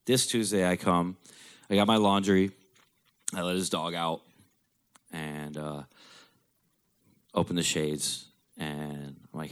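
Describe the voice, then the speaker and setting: A man with a very low, deep voice tells a personal story. He talks bluntly, swears freely and slips in dark jokes. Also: slow pace, long pauses, smooth. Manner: blunt, profane, darkly joking.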